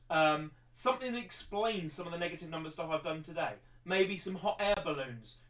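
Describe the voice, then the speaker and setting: High-voiced English maths teacher, off-mic. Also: male voice, fairly bright tone, distant mic. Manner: rambling, many restarts and repeated words. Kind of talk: livestreamed lesson.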